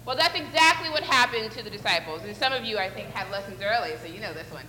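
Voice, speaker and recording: A woman's voice: mid-range voice, animated, quick pace, bright, forceful tone. A woman leading an interactive children's Bible lesson in church, playful and coaxing as she acts out a fishing story with the kids. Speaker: children's sermon leader. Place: church sanctuary, large echoey room. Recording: echoey hall with long reverb.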